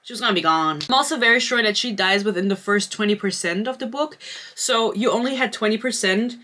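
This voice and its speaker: A woman's voice: mid-range voice, brisk, pushed and bright. A young woman reviewing a book in casual chat, sarcastic and swearing freely as she mocks it.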